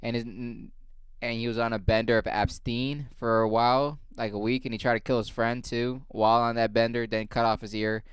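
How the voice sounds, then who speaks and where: Man riffing solo, profane and wry, smooth voice, dry close sound. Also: medium pitch, steady tone, moderate pace, no echo. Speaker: comedian and podcast host. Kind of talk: casual comedic monologue.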